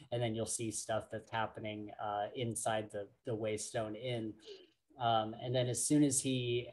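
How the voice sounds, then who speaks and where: Guy cohosting a book podcast, slow and rambly, lots of ums, middle pitched voice. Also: darkish tone. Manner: slow, halting, many fillers and restarts. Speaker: podcast co-host. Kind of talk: casual book discussion.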